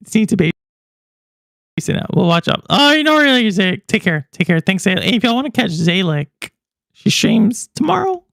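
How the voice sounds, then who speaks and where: Casual gaming host, chatty and rambling, pitch that jumps around, dry close sound. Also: big pitch swings, moderate pace, gravelly, fairly bright tone, no echo. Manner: chatty and rambling, many fillers and asides to chat viewers. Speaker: podcast and livestream host. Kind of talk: casual chat reacting to gaming news and live chat.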